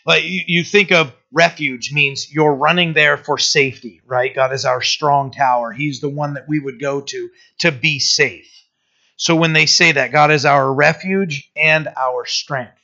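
Bright-voiced man preaching a sermon. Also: a little high, muffled recording. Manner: conversational preaching with restarts and rising emphasis.

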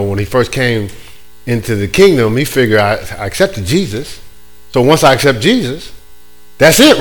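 A man's voice: mid-range voice, a bit bright, rough recording. A man preaching a casual, playful sermon, acting out other people's voices.

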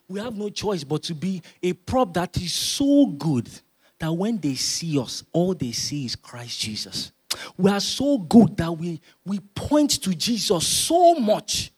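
A man, preaching a sermon as pastor, emphatic and repeating phrases as he builds to loud exhortation. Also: fairly high pitch, husky. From Nigeria.

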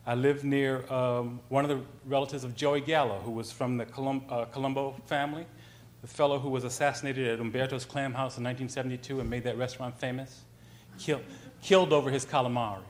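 Male author, lecture storytelling, animated and conversational. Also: medium pitch, fairly quick, slight background noise. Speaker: author giving a talk.

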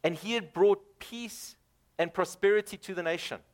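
Man, preacher, sermon, emphatic, dramatic swings in loudness, repeats words. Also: sits high, moderate pace. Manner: emphatic, rises and drops dramatically.

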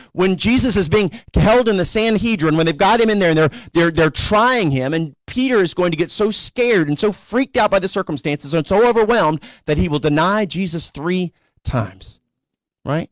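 High-voiced conversational male pastor. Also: no room sound. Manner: conversational storytelling preacher, voices characters casually. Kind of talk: sermon.

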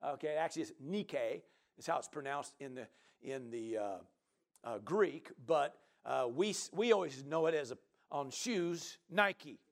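A male pastor preaching an animated sermon, sprinkling in "amen" and "hallelujah" and asking the congregation questions. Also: on the high side, normal speed, vocal fry. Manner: chats with the congregation and asks members questions.

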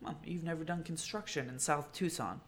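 A man's voice: on the high side, a little fast, noisy background. A man co-hosting a casual podcast chat, telling stories animatedly and laughing often while acting out other people's voices. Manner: animated storyteller who acts out others' voices. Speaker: podcast co-host.

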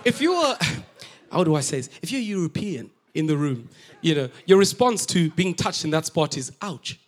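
A young adult man from Africa preaching a sermon as pastor, lively and jokey, acting out reactions with little sound effects. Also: fairly high pitch, a little fast. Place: church auditorium.

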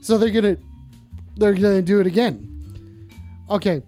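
A man's voice: high voice, animated, moderate pace, mellow, faint music behind. Man hosting a profane call-in stream. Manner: profane, rambling, jokey. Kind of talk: casual crude call-in show.

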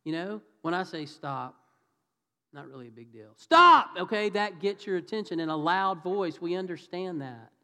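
A man's voice: a little high, normal speed. A man preaching a conversational sermon in church, asking the congregation questions and acting out the voices of the people in his story. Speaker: pastor. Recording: reverberant church hall.

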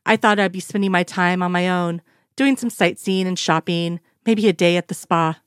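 A woman reading the lines of a young female federal agent in a lively, playful way. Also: on the low side, normal speed, clear, resonant tone, no room sound, clean studio sound, close to an everyday voice. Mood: tender.

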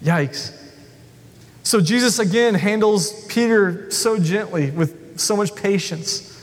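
A male pastor preaching a sermon in an animated, self-deprecating way, acting out the people he talks about. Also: sits high, takes it slowly. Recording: long hall reverb.

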